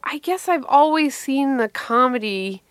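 A middle-aged woman comedian telling a wry, animated story from her life and answering interview questions. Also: high voice, unhurried, no echo.

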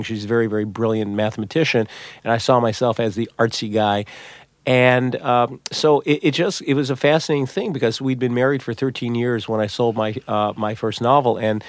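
Gravelly middle-aged man telling stories. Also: mid-range voice, no echo. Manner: animated storyteller, many restarts and repeats. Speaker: guest, novelist and psychologist. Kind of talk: conversational interview.

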